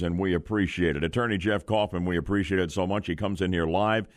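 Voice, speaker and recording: A man hosting a morning radio show in the studio, chatty and quick to react. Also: sits low, fairly even intonation, no room sound. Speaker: radio host. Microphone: studio microphone.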